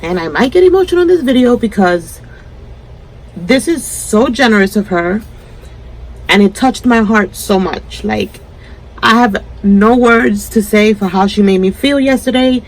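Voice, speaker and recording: A woman's voice: mid-range voice, animated, unhurried, low-quality recording. A woman hosting a crafting channel, talking to camera in a heartfelt, emotional way, close to tears. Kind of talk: casual vlog to camera.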